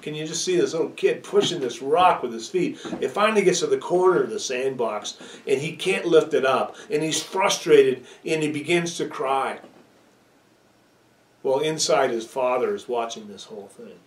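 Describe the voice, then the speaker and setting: Man, pastor delivering an earnest storytelling sermon, mid-pitched, a bit off-mic in a roomy space. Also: moderate pace, far from the mic. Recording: echoey room, away from the mic.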